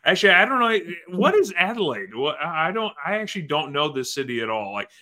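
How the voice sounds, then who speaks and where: A man's voice: a little high, very animated, brisk, pushed and bright. A man guesting on a casual podcast, joking and rambling. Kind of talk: casual chat.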